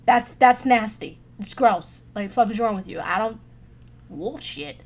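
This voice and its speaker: A woman reviewing movies in a casual chat, blunt, profane and animated as she rants. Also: on the high side, a little slow.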